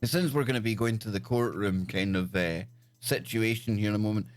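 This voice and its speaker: A man's voice: lowish voice, a little fast, dry recording, faint music behind. A man hosting a live stream, riffing crudely and jokily on odd news stories with stammered restarts. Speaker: show host.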